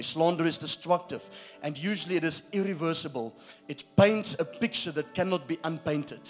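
Man preaching with emphatic buildups. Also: a little high. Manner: emphatic preaching that checks in with the congregation. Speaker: pastor. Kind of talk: sermon.

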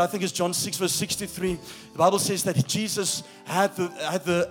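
Male pastor, higher-pitched, emphatic preacher who engages the room, faint music bed. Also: fairly even intonation, normal speed, hardly any pauses. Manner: emphatic preaching that checks in with the congregation. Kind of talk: sermon.

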